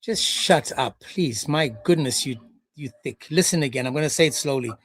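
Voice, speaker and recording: A man's voice: a little high, normal speed, breathy edge, no room sound. Brusque, insistent man in a dry booth. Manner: brusque, repeats questions insistently. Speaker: host. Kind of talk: heated debate.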